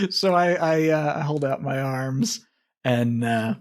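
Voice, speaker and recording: An easygoing man who talks slowly, pausing often as he frames scenes in a casual tabletop game. His voice sits at a middling pitch, and he is quick to laugh. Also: a little mellow. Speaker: tabletop role-play player. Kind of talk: casual improvised storytelling.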